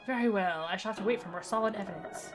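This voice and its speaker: Woman doing a sinister male bird doctor, formal, measured, mid-pitched, game music behind. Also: close to an everyday voice.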